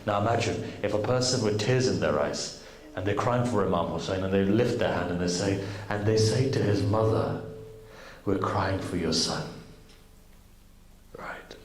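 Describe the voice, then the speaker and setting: A man's voice: on the low side, moderate pace, a little mellow. A man preaching at a gathering, telling a story in an earnest way and speaking straight to the audience. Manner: earnest, addresses the audience directly. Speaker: preacher at a majlis. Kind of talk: sermon storytelling. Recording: roomy hall recording with faint noise.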